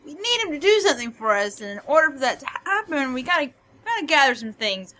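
A woman playing her character in a tabletop game, gushing and animated. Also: sits high, fast talker. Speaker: player. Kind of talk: in-character tabletop role-play.

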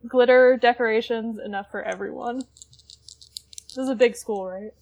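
A woman's voice: fairly high pitch, fairly even intonation, normal speed, a little mellow, low-quality recording. A woman playing a tabletop role-playing game, enthusiastic and rambling as she describes her plans. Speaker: player.

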